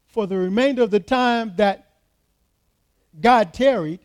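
This is a man pastoring in church, with a voice pitched high for a man. He drives each point home with emphatic repetition. He speaks directly to his congregation. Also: a little slow. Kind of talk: sermon.

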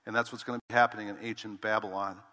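Bright-voiced pastor preaching in a hall. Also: male voice, on the low side, flat delivery, racing. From Dutch heritage. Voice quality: bald preacher self-described. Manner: conversational preaching, asks the congregation "Amen?". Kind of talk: expository sermon. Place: large church sanctuary with long reverb. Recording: reverberant church hall.

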